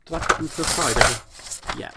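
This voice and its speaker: A man's voice: a little high, normal speed, heavy background noise. A man hosting a live crafting stream, chatting playfully to himself and his viewers with little giggles and silly repeated words. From United Kingdom. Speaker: craft channel host. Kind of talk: casual live crafting chat.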